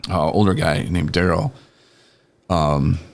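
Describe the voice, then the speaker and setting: In a podcast studio for a recovery talk show, a man with a low voice and vocal fry takes his time. His casual chat is full of laughter and rambling stories, and he performs other people's lines in lively voices.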